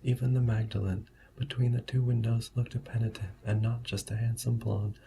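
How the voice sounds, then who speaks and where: A man giving a soft-spoken ASMR book reading, talking in a hushed voice that often drops to a whisper. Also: mid-range voice, little pitch movement, normal speed, vocal fry, noisy background. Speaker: ASMR storyteller.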